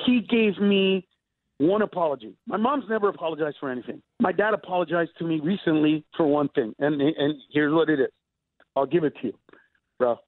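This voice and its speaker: A high-pitched man spins family stories in loose, animated chat, breaking into laughter as he acts them out. The sound is dry and narrow, almost like a phone line. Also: brisk, dry recording. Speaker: stand-up comedian guest. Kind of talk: casual storytelling chat.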